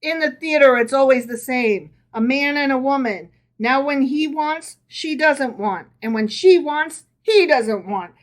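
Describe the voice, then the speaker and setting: A woman's voice: high-pitched, unhurried, few pauses, pitched above the performer's own voice. A woman reading aloud, voicing an exasperated older man delivering a wry punchline. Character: disgusted older man telling a joke.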